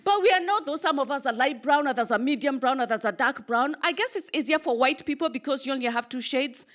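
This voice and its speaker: A woman from Kenya performing a stand-up comedy set on a club stage, with punchy deadpan delivery and pauses for laughs. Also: high-pitched.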